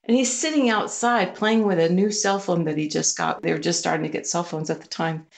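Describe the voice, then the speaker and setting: A woman missionary guest telling a personal story, animated and acting out the voices she quotes. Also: on the low side, fairly quick, creaky.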